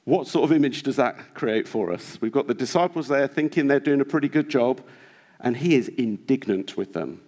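A man's voice: mid-range voice, lively intonation, normal speed, darkish tone. A man preaching a sermon in church, earnest and exhorting, with many rhetorical questions. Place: church hall.

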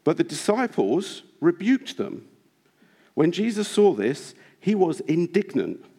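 A man's voice: high-pitched, sing-song, slow pace, mellow. A man preaching a sermon in church, earnest and exhorting, with many rhetorical questions. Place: church hall.

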